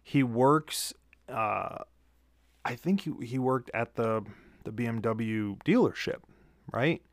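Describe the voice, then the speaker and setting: A man's voice: mid-range voice, slow pace, no room sound, studio quality. A tired man after work, telling a rambling, profane story into a handheld mic with a pop filter, often correcting himself. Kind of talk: casual storytelling monologue. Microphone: handheld studio mic with pop filter.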